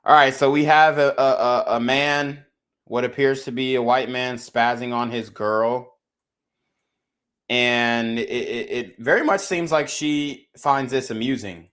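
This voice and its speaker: A man's voice: mid-range voice, a little slow, a bit bright, clean tone. Blunt, slangy male podcast host. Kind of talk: reaction commentary.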